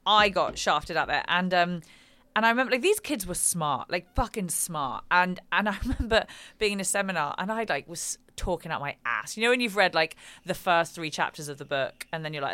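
A young English woman with an English accent chatting as a podcast guest, telling animated stories and laughing through them. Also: fairly low pitch, fairly quick, clean tone, no room sound. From England. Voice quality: animated storyteller, laughs through her anecdotes. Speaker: guest comedian. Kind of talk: casual podcast chat.

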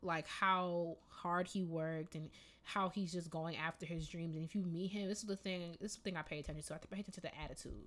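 A young woman in her twenties co-hosting a casual podcast chat, animated and slangy, laughing often. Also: on the low side, fast talker. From Jamaican family ties. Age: 20s. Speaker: podcast co-host.

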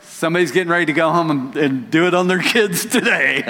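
A man's voice: fairly high pitch, animated, normal speed, sharp tone, big-room sound. A man preaching a sermon as pastor, telling stories with self-deprecating asides and leaning hard on key words. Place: church sanctuary.

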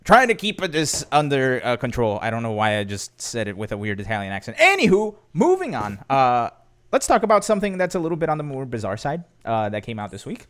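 A man's voice: mid-range voice, very animated, fast, clear, resonant tone. A man hosting a casual gaming news podcast, talking loosely with many fillers. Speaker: podcast host.

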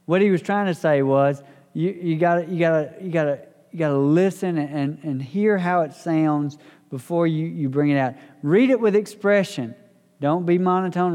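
A man's voice: fairly high pitch, a little mellow. A man teaching a church Bible study in a conversational way, often repeating and restarting his phrases. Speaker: pastor. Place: church hall. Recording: echoey hall with long reverb.

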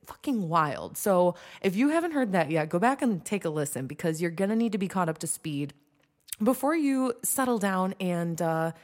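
A woman's voice: lowish voice, animated, moderate pace, a little mellow. A young woman hosting her own podcast, chatting casually and self-deprecatingly with lots of fillers and restarts. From United States. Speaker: podcast host. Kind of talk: casual solo podcast chat.

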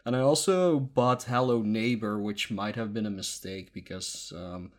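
A man's voice: on the low side, a little slow. A sleepy man hosting a casual podcast, rambling with lots of ums and uhs. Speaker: podcast host.

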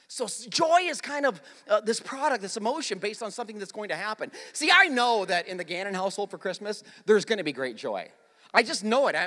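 Animated man preaching in a big hall. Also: high voice. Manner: animated storytelling with jokes and audience prompts. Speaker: pastor. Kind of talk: sermon. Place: church auditorium.

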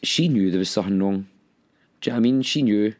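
A man with a Scottish accent recounting a painful personal story in a halting, emotional way. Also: fairly low pitch, a little mellow.

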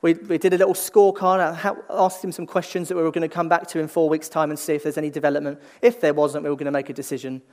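Thinking aloud and often restarting his phrases, a man preaches conversationally, moving from lively emphasis to quiet, slow delivery. His voice is a little high.

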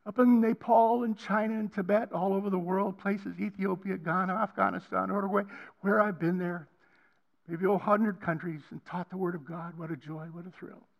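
An older man preaching a personal testimony on a college campus, swinging between hushed passages and loud emphatic ones. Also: high-pitched, fairly even intonation, moderate pace, vocal fry. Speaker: guest preacher.

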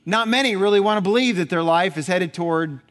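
A man's voice: high-pitched, fast, a bit bright, long reverb tail. A man in his thirties, a pastor preaching a folksy, storytelling sermon in a church. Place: church sanctuary.

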